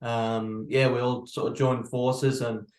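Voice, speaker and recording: A man's voice: medium pitch, level tone, takes it slowly, darkish tone, reverberant. Easygoing young man with a mixed British accent. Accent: mixed English and Welsh. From North Wales. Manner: easygoing, rambling. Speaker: guitarist. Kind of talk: video call interview. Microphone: video call.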